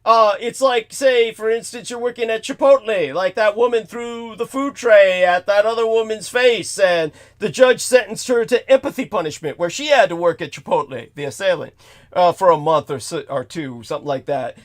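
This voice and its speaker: At normal speed and in a high-pitched voice, a man hosting a talk show rants his way through a story. The monologue is exasperated and profane, alternating between muttering and outbursts.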